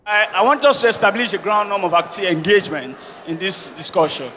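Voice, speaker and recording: High, bright-voiced moderator pleading. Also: male voice, brisk. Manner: pleading, repeats "please and please", projects loudly. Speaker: debate moderator. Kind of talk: formal moderating address. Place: large hall with a noisy student audience. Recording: reverberant hall with background noise.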